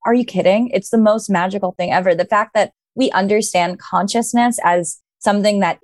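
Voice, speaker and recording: A woman's voice: mid-range voice, fairly quick, darkish tone, no echo, clean studio sound. A young adult woman hosting a casual chat and reading tarot, enthusiastic. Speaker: podcast host and tarot reader.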